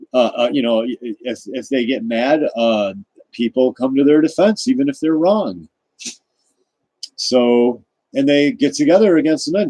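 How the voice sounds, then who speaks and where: Guy venting on his vlog, rambly and fed up, keeps restarting, mellow low-key tone, dry close sound. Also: dry recording, low-quality recording. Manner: rambling and indignant, with many restarts. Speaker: vlogger. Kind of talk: ranting personal monologue.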